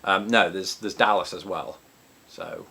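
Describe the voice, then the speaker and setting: A deep-voiced Englishman from England speaks unhurriedly with a sharp tone, chatting casually at his Chicago home as a vlogger answering viewer questions. His talk is full of ums and restarts, and a faint hiss or hum sits under the recording.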